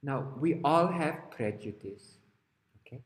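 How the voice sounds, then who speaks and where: An older male teacher giving a storytelling lesson to teenagers, explaining in a gentle, animated way. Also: mid-range voice, slow pace. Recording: roomy hall reverb.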